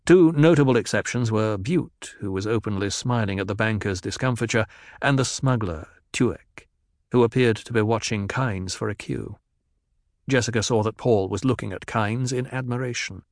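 Gravelly male audiobook narrator. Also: on the low side, moderate pace, no echo, clean studio sound. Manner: steady, even storytelling.

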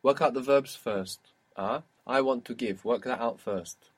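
A man's voice: medium pitch, a little slow, slightly rough. Patient man teaching a language lesson. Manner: patient, prompting and correcting a learner.

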